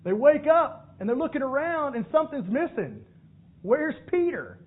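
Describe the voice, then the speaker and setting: Guy preaching a sermon, animated storyteller, sounds like a phone line. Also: extremely high pitch, normal speed. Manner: animated storytelling, acts out voices. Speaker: pastor. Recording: phone-like narrow band.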